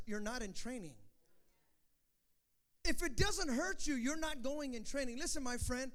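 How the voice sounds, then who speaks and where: A pastor preaching a sermon to his congregation, calling for responses and rising to shouts. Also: extremely high pitch.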